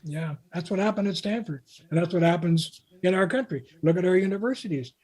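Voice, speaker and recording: An older man from Canada speaks as a guest in an interview, telling one anecdote after another. His voice sits a little high for a man, and he rambles along with frequent restarts. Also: lively intonation, brisk, a little mellow. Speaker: guest, author. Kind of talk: casual interview talk.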